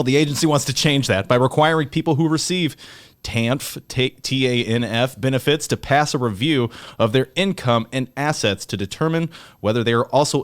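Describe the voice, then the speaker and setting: A man co-hosting a talk show, reading the news in a steady, matter-of-fact way. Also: mid-range voice. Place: studio.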